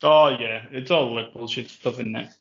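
A man's voice: medium pitch, moderate pace, vocal fry, dull audio. A man co-hosting a podcast, teasing his friend, swearing and laughing at his own jokes. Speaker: podcast co-host. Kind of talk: casual banter.

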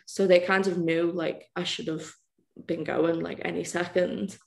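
A woman's voice: fairly low pitch, level tone, a little slow, gravelly, reverberant. A woman from the UK telling her own story as a podcast guest, chatty and full of "like". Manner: chatty, says "like" constantly. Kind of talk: casual storytelling.

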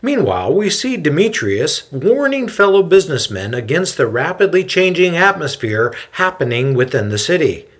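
Expressive male podcast narrator, husky. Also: fairly high pitch, moderate pace, few pauses. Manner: expressive, dramatic storytelling. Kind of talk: scripted narration.

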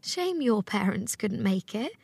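An actress playing a teasing, affectionate young newlywed bride in an audio drama. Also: female voice, mid-range voice, very animated, unhurried, creaky, slightly rough, no room sound, full character voice. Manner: teasing, warm with laughter.

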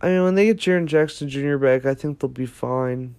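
Mellow-voiced man rambling about basketball. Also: medium pitch, a little fast, smooth. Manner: rambling, self-correcting, thinks aloud. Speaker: basketball ranking vlogger. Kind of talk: casual unscripted commentary.

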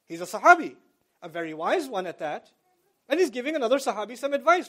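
A man's voice: extremely high pitch, sing-song, fast. A man giving an Islamic lecture to college students, conversational and explaining terms in plain everyday words, with emphatic storytelling.

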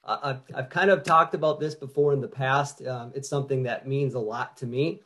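A man's voice: medium pitch, steady tone, brisk, sharp tone. A man as a guest health coach, talking casually and friendly with some hesitation. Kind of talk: casual talk.

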